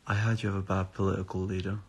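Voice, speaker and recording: A man's voice: sits low, flat delivery, fast talker, darkish tone, husky. A tired young man chatting casually on a live stream, reading out viewer comments and answering them in a rambling way with casual swearing. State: tired and up at odd hours.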